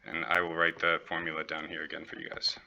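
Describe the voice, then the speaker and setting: Bright-voiced male professor lecturing. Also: very deep voice, completely flat delivery, fast, vocal fry, lo-fi sound, slight background noise. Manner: works through problems step by step, checking in with students; light, joking asides. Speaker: economics professor. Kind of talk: classroom lecture.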